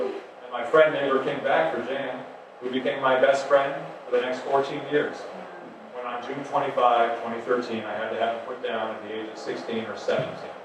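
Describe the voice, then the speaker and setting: A man's voice: medium pitch, noisy background. A middle-aged man telling personal stories on stage with wry, self-mocking asides. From Delaware. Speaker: solo stage performer. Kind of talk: personal storytelling monologue. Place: theater stage. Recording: echoey room from far off, music behind.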